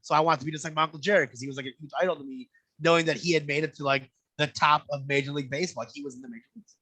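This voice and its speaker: A man spinning stories in a loose, profane podcast chat, jumping into little voices for the people in them. His tone is bright and forward, a bit higher than most men. The sound is dry and close with no room around it. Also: very fast, dry recording. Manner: animated storyteller, acts out quoted voices, swears freely. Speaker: podcast guest. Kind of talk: casual storytelling chat.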